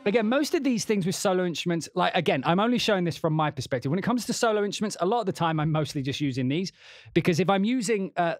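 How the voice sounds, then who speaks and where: Male composer on a stream, slightly higher voice, loose and chatty, scats the rhythms out loud. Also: expressive, fast talker, dry recording, faint music behind. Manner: rambling, hums and scats rhythms aloud. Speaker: composer demonstrating a sample library. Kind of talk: casual livestream walkthrough. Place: home studio at a keyboard.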